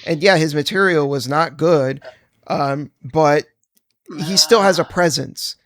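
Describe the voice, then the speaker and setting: A man's voice: fairly high pitch, measured pace, slight background noise. A man co-hosting a casual podcast discussion, easygoing and enthusiastic, laughing often. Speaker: podcast co-host.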